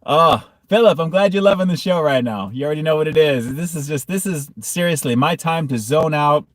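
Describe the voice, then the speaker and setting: A man's voice: mid-range voice, no echo. A man hosting a casual food review livestream, reading chat comments and often breaking into hard laughter.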